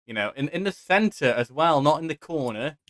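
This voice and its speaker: A man's voice: on the high side, expressive, fairly quick, fairly bright tone, no room sound. A young British man hosting a casual podcast chat, talking in chatty, giggly bursts with stammering restarts. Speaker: podcast host. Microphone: home microphone, strict settings.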